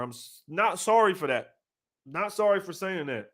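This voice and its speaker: A high-voiced man on a casual sports live stream, animated and loose. He repeats himself a lot, drops slang and gives shout-outs to viewers by name. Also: moderate pace. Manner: animated, repetitive, slangy, talks to chat by name. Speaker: sports channel host.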